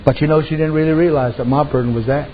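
A preacher man delivers a folksy, story-filled sermon in a fairly high voice, easing from conversational talk into louder, urgent stretches. The recording sounds dull and lo-fi. A faint hiss runs underneath. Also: fairly even intonation, fast talker. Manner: folksy, conversational, rising when stirred.

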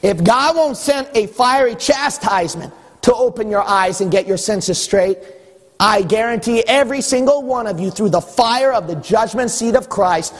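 A man preaching a sermon to a congregation, emphatic and rhetorical, building to shouts. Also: high voice, normal speed. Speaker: pastor. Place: church hall. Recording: long echo of a big hall.

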